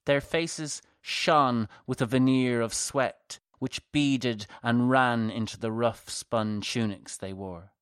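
A man reading a novel aloud as a measured audiobook narrator. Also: mid-range voice, fairly even intonation, fairly bright tone, clean tone, no echo, studio quality. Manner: slow, measured.

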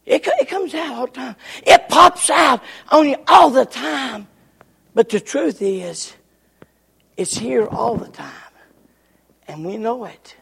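A man preaching a revival sermon in a church, swinging from shouted lines to hushed, near-whispered ones. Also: very high-pitched, lively intonation, takes it slowly, gravelly, husky. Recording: church hall reverb.

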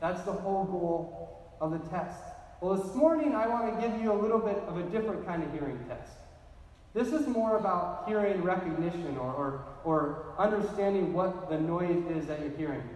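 A man's voice: sits high, normal speed, a little mellow. A man preaching a sermon as pastor, in a chatty style that keeps checking in with "right?". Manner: conversational, keeps asking "right?". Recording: echoey hall, distant mic.

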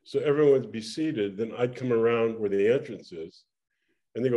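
An older man, a guest in an interview, tells a lively story from his performing days, laughing often and restarting his sentences. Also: mid-range voice, fairly quick. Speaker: interview guest, former actor and singer. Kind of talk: casual anecdotal storytelling.

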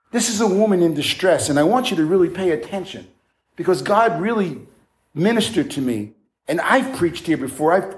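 A man's voice: fairly high pitch, roomy sound. A man preaching an earnest, emphatic sermon, his voice climbing as he builds a point.

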